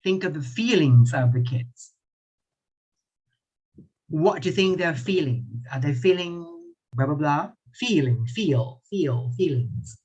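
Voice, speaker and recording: A man who speaks English with a British accent and a Thai first language, teaching an online English class in a playful way, repeating his questions slowly and chuckling often. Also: on the high side, lively intonation, a little mellow, slightly rough, lo-fi sound. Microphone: computer mic on a video call.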